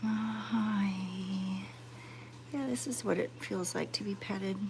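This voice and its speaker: A woman chatting to her viewers while petting cats, excited and fond, cooing softly to the animals. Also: medium pitch, takes it slowly, vocal fry, a little hiss or hum. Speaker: cat sanctuary vlogger.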